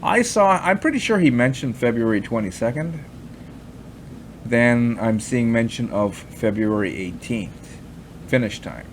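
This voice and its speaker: A man's voice: mid-range voice, animated, unhurried, slight background noise. A man giving rambling, skeptical commentary in a casual chat, with fillers and many asides. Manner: skeptical, mocking tone. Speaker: crypto commentary vlogger.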